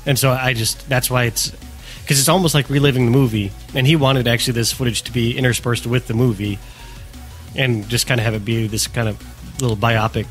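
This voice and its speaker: A young man from upstate New York, talking in a casual podcast. He recommends movies in an earnest, enthusiastic way, with a voice of middling pitch. Faint music sits underneath. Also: fairly even intonation, brisk, fairly bright tone. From New York State, outside the city. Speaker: podcast host. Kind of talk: casual chat.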